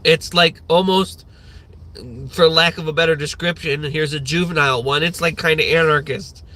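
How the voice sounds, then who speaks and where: A man's voice: on the high side, fairly even intonation, moderate pace, sharp tone. A man in his thirties hosting a livestream, ranting in a rambling way with lots of swearing and filler words. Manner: rambling, profane, many fillers. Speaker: livestream host.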